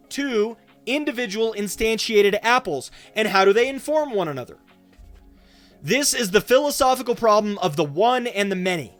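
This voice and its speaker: A male pastor answering a viewer's question in a teaching style, emphatic and fond of repeating phrases for effect. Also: high-pitched.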